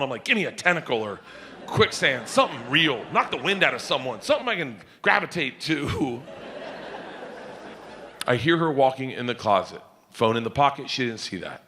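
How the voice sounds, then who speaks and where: A man doing a stand-up comedy set on a stage, telling a story loudly, shouting punchlines and acting out the other voices. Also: a little high, slight background noise. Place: comedy stage before a live audience. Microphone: handheld stage mic.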